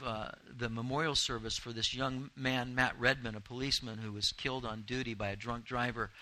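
Earnest bright-voiced male preacher. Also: medium pitch, low-quality recording. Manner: earnest, pleading, rising to emphatic bursts; reads scripture slowly and deliberately. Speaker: pastor. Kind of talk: expository sermon.

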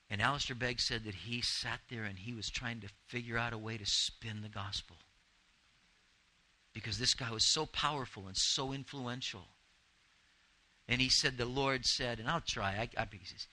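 Earnest bright-voiced male preacher. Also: medium pitch, low-quality recording. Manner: earnest, pleading, rising to emphatic bursts; reads scripture slowly and deliberately. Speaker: pastor. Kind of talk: expository sermon.

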